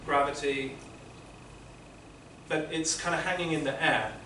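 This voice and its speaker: A man's voice: on the high side, a little fast, sharp tone, far from the mic, slight background noise. Man giving echoey classroom feedback. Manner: patient, explanatory, many restarts. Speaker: interpreting teacher giving feedback.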